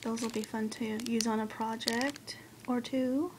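A woman's voice: a little high, measured pace, noisy background. Gushing woman unboxing craft goodies. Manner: gushing, excitable, squeals and gasps. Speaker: craft vlogger. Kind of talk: casual unboxing chat.

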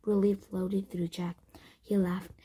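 Woman reading a kids book slowly, whispery and breathy, mellow dark tone, lots of restarts. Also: medium pitch, flat delivery. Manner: slow reading with frequent slips and restarts. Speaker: story reader. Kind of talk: children's book read-aloud.

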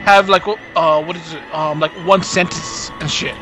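A man's voice: fairly high pitch, steady tone, moderate pace. A man co-hosting a casual let's-play, chatting in a rambling, profane and joking way. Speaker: gameplay co-host. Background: game music.

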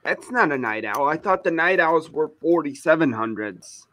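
A man chatting casually with friends in a group voice chat, quick to react and joke. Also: a little high, animated, pushed and bright, a little hiss or hum.

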